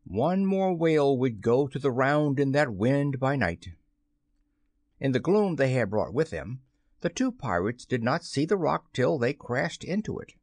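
An audiobook narrator with a mid-range voice reads a classic children's novel in a measured, expressive storytelling style. The scripted narration is studio quality, with no room sound.

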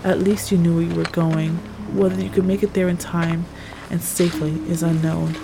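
Woman narrator, slightly low voice, tense measured second-person storytelling over music. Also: level tone, gravelly, background noise.

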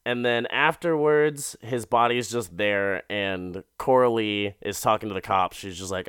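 A young man casually recapping an episode, rambling and profane, slipping into quick character voices and laughing at his own jokes. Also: lowish voice, fairly bright tone, clear, resonant tone, dry recording, studio quality.

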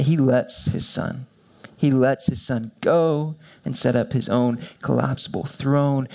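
A man preaching a sermon, moving between quiet, low passages and loud, high-pitched emphasis, with repeated building phrases. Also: gravelly. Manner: repetitive, building rhetorical preaching. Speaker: pastor.

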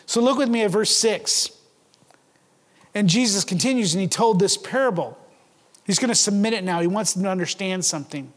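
A man's voice: sits high, lively intonation, brisk. A man preaching a sermon as pastor. He talks earnestly, asks his listeners rhetorical questions and repeats words as he starts a phrase. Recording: long reverb of a large hall.

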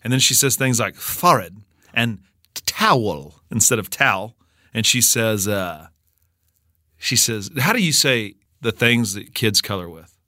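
Bright-voiced man, casual co-host. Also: on the low side, lively intonation, a little slow, dry recording, clean studio sound. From Texas. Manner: storytelling, playful, laughs often. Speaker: radio show co-host. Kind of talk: casual banter.

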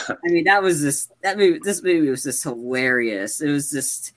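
A man co-hosting a casual podcast, retelling movie scenes in a rambling, animated way with lots of fillers. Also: fairly high pitch, moderate pace. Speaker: podcast co-host. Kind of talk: casual chat.

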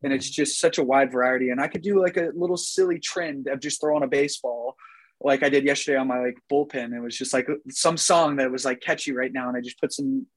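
A man's voice: mid-range voice, fast, no echo, rough recording. A young man chatting casually as a podcast guest, rambling with lots of "like" fillers. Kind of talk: casual chat.

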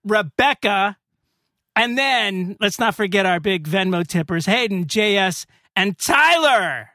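Bright, high-voiced man co-hosting a podcast. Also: moderate pace, no room sound, clean studio sound. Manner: upbeat, reads patron names in a bouncy sing-song. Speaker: podcast co-host. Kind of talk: casual chat.

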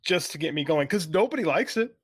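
A man's voice: a little high, a little fast, husky, no echo, clean studio sound. A man co-hosting a casual podcast chat, ranting with exasperation. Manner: exasperated ranting, animated swings. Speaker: podcast co-host.

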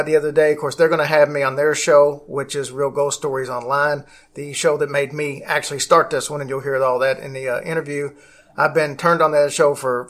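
Bright-voiced rambling male podcast host. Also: a little high. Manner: rambling, restarts sentences often, chuckles along. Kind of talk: casual podcast chat.

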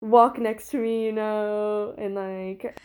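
Slow and flat, her medium-pitched voice carries a slightly mellow quality. As a podcast guest in her twenties, she tells a personal story conversationally, with frequent "like" fillers and bursts of laughter.

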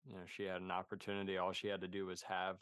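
A man's voice: sits low, monotone, rapid-fire, fairly bright tone, clean tone, no room sound. A man co-hosting a podcast in casual chat, laid-back and full of "dude" and "man". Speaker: podcast co-host. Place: podcast studio.

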